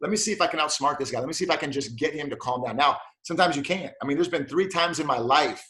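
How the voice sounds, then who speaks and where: During a casual interview, a police officer who holds a martial arts black belt tells lively stories and acts out what people said. His voice is a little high and fast, and the sound is reverberant.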